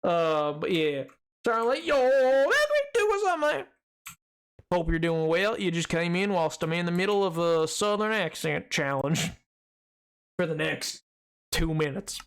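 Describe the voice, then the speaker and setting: A man's voice: fairly high pitch, unhurried, fairly bright tone, clean tone. A young man streaming a game, chatting casually with his viewers in a rambling way full of restarts. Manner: rambling, talks to chat, many restarts and fillers.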